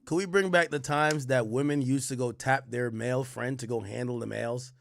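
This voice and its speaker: A man hosting a livestream, giving blunt, animated commentary and swearing freely. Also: mid-range voice, fairly quick, gravelly, no echo, studio quality. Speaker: streamer host.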